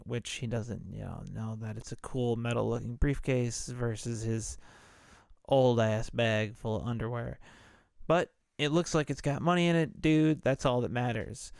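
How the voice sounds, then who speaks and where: A man's voice: medium pitch, steady tone, a little slow, creaky, a little mellow, clean tone, dry recording, studio quality. A man hosting a podcast, retelling a film in a laid-back, profane, casual way. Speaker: podcast host. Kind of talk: casual movie recap podcast.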